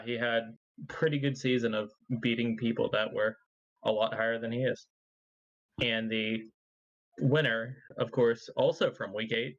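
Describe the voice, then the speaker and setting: Man reading stats through a dull mic. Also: mid-range voice. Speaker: awards presenter. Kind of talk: reading results in casual chat.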